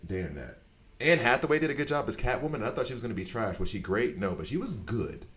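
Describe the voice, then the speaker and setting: A man hosting a gaming channel, talking in a blunt, animated rant that swears casually and trails off mid-thought. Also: mid-range voice, fast. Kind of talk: casual ranting chat.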